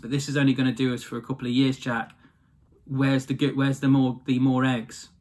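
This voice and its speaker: A man's voice: mid-range voice, completely flat delivery, a little fast, a little mellow, natural voice. A man voicing an exasperated, broke father in a casually told storybook tale, with a blunt, nagging way of talking.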